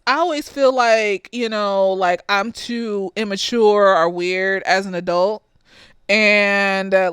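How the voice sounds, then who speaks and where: A woman therapist giving a casual, slightly tipsy movie review, animated and profane, laughing often. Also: mid-range voice, clear, resonant tone, no room sound.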